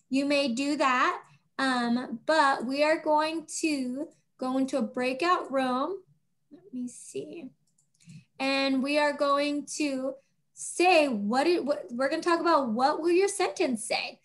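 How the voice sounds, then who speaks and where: A woman teaching young children over a video call, patient and encouraging, speaking slowly and clearly. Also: high-pitched, a bit bright.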